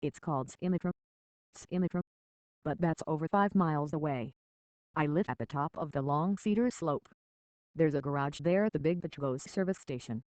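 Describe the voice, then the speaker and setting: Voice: mid-range voice, normal speed, darkish tone, no room sound, lightly acted. A reader voicing a frightened young village boy, pleading in a plain reading voice, on a dull, dry lo-fi recording. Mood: earnest.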